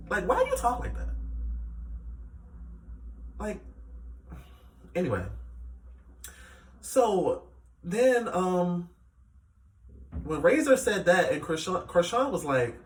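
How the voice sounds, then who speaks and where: A man giving a casual, animated recap of a reality show, with plenty of fillers as he retells the scenes. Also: high voice, slow pace, long pauses. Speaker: reality TV reviewer. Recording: echoey room, distant mic.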